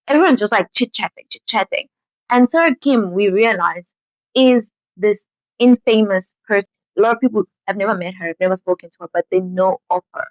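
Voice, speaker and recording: Young woman recapping a show, lots of "like", really animated, dry sound. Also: medium pitch, brisk, dry recording, low-quality recording. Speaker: vlogger.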